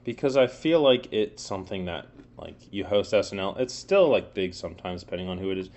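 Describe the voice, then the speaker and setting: A man's voice: low voice, animated, a little fast, darkish tone. Young man rambling about football. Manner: rambling, frequent fillers and swearing. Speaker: podcast co-host. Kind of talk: casual sports chat.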